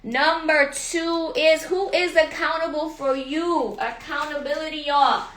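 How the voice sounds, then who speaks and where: A woman life and business coach giving a motivational live talk, energetic, repeating questions to her viewers and calling them y'all. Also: sits high, unhurried, reverberant, rough recording.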